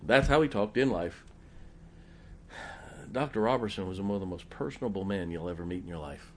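A man's voice: sits low, fairly quick, a little mellow, slight background noise. Middle-aged guy preaching, folksy stories, keeps asking the crowd questions. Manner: folksy storytelling, rhetorical questions to the congregation. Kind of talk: sermon with personal stories.

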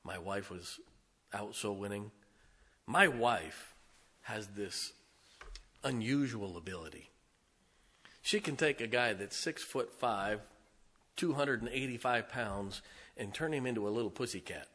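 Bright-voiced folksy preacher man. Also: on the low side, animated, a little slow, long pauses. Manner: folksy storytelling preacher, swings from loud to hushed. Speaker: pastor. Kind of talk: sermon.

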